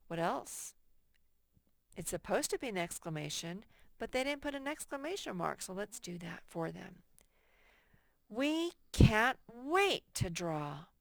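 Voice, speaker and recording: A woman teaching a first grade worksheet lesson to young children, patient and slow, reading example sentences aloud with emphasis. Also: medium pitch, expressive, gravelly, no room sound.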